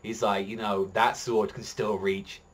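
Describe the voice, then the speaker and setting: A man giving excited, rambling commentary as a reaction video host, swearing heavily as he talks. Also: on the low side, measured pace, husky. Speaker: manga reaction youtuber. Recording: faint music behind voice.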